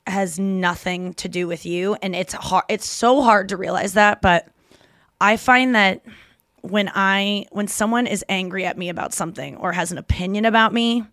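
A woman's voice: medium pitch, normal speed, a bit bright, dry recording, clean studio sound. A woman in her thirties hosting a podcast, chatting casually and retelling stories with quoted voices. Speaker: podcast host and comedian.

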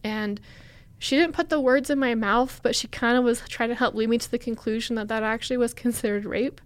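A young woman talks through a personal story as a guest on an interview podcast. Her delivery is candid and halting, with plenty of "like" and "um" along the way. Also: fairly high pitch, fairly even intonation, clear, resonant tone. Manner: candid, halting, with many fillers.

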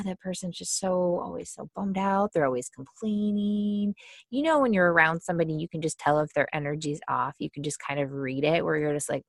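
A woman with a lowish voice talks casually about mindsets, leaning on fillers like "kinda" and slipping into little acted complaints. The sound is close and dry, with no room around it. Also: dry recording. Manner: chatty, many fillers, acts out quoted complaints. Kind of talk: casual explanatory talk.

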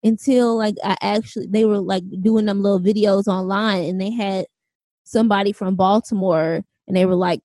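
A woman's voice: medium pitch, steady tone, normal speed, warm tone, no room sound. A young woman co-hosting a podcast in casual chat, loose and talkative, full of "like" and "um". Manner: loose and chatty, lots of "like" and "um". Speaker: podcast co-host.

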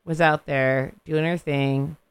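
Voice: mid-range voice, steady tone, slow, clean tone, no room sound. A radio show host with a lisp, chatting casually about music in a chatty, jokey way and laughing often.

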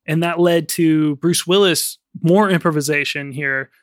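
A man co-hosting a film podcast in casual chat, rambling with lots of fillers and quick laughs. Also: fairly high pitch, no echo, clean studio sound. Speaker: podcast co-host.

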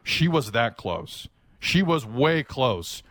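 A man co-hosting a sports talk show, joking and sarcastic in quick banter. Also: medium pitch, no echo, studio quality. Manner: jokey, sarcastic, animated.

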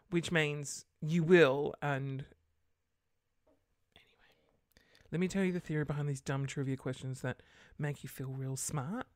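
A woman's voice: low-pitched, unhurried, pauses often, dry recording, studio quality. A woman hosting a casual solo podcast late at night, rambling and sarcastic, muttering curses under her breath. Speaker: podcast host.

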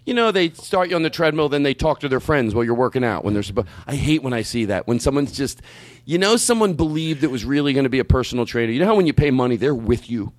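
A man's voice: mid-range voice, lively intonation, quick pace, few pauses, no echo. A man, a comedian guest, telling a long, rambling comic story with restarts and passionate outbursts.

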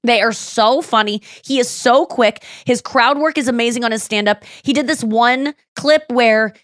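Animated, swearing woman podcast host. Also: a little high, normal speed, dry recording, studio quality. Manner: animated storyteller who swears freely and acts out quotes. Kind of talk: casual chat.

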